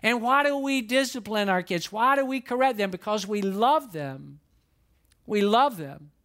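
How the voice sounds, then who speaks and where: An older male pastor with a notably high voice. He preaches a story-filled sermon and keeps checking in with his listeners through direct questions. He often repeats his key lines for emphasis. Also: expressive, measured pace, fairly bright tone. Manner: repetitive, questions the congregation, storytelling.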